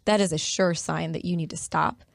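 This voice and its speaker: Woman guest, low gravelly voice, chatty, tells stories with lots of fillers. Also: fairly even intonation, fairly quick, dry recording, studio quality. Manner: chatty storyteller, many fillers and restarts. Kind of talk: casual conversation.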